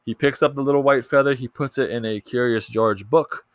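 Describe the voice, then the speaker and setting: A man's voice: medium pitch, fairly quick, no echo. A young man hosting a casual movie podcast, chatty and loose, with lots of ums and restarts. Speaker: podcast host.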